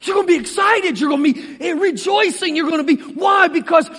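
Man preaching, very high-pitched, animated and folksy, long hall reverb. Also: brisk. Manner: animated, folksy, acts out quoted voices. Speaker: pastor. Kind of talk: sermon.

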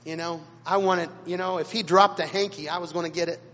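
A man, a pastor, preaching a sermon and telling stories dramatically, with sudden swings between quiet and loud. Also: high voice, steady tone, a little fast, long reverb tail. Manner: dramatic storytelling with big swings in loudness. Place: church sanctuary.

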